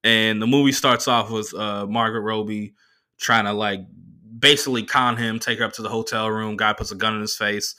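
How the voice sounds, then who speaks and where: A man in his thirties hosting a solo podcast who tells stories in a profane, animated way. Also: lowish voice, normal speed. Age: 30s. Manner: profane, animated, laughing asides. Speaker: podcast host. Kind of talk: solo comedic storytelling.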